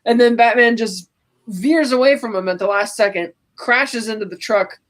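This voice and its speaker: A podcast co-host on a call, casually recapping a film scene beat by beat in an animated, storytelling way. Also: medium pitch, moderate pace. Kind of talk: casual movie recap chat.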